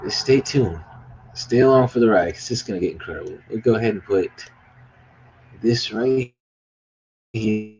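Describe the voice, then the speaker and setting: Showing his merch in a casual behind-the-scenes vlog, this business owner talks in a lowish voice at a normal speed, with long pauses. He rambles, gets hyped, swears now and then, and sometimes yells excitedly. The sound is lo-fi, with slight background noise.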